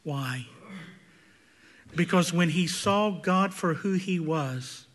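A man preaching a sermon, swinging between loud emphatic peaks and hushed, intense passages. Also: fairly high pitch. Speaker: pastor.

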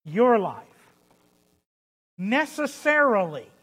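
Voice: mid-range voice, big pitch swings, slow pace, fairly bright tone. A preacher delivering a sermon, stressing points by repeating phrases and asking rhetorical questions. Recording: long hall reverb.

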